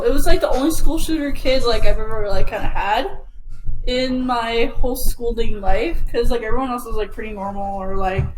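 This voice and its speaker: Hesitant, filler-heavy woman podcast co-host; slightly high pitch, faint background noise. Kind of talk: casual chat.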